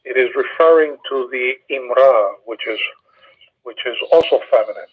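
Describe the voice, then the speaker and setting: Man, Bible study teacher, husky voice, methodical and patient, lots of uh pauses, tinny phone line. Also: medium pitch. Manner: methodical, patient explaining with frequent "uh" fillers. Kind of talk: Hebrew grammar lesson over a phone call.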